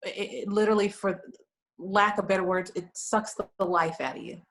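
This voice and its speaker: A woman's voice: medium pitch, steady tone, normal speed, vocal fry, a bit bright, slight background noise, rough recording. A woman guest on a talk show, sharing an emotional story in an earnest, conversational way, with frequent "you know" fillers. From United States. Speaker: guest, lingerie shop owner.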